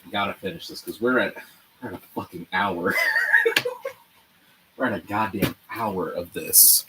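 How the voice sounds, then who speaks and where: A man's voice: low-pitched, a little hiss or hum. A young man hosting a casual livestream, rambling and swearing freely while he builds a set. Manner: animated, rambling, swears freely, laughs often. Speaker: livestream host. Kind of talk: casual livestream chat with viewers.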